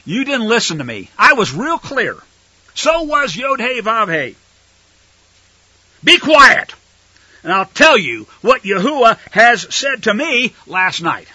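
A man's voice: extremely high pitch, very animated, a little slow, bright, forceful tone, slightly rough, no room sound, pitched above the performer's own voice, full character voice. A man voicing a stern, exasperated old prophet who scolds a king with sarcasm and modern slang, on a dull lo-fi recording. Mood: sarcastic.

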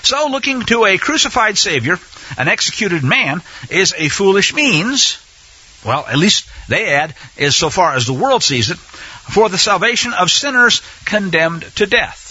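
A man's voice: high voice, big pitch swings, unhurried, sharp tone, slightly rough, muffled recording. A man teaching scripture in an emphatic way, repeating phrases and speaking directly to his listeners. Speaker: Bible teacher.

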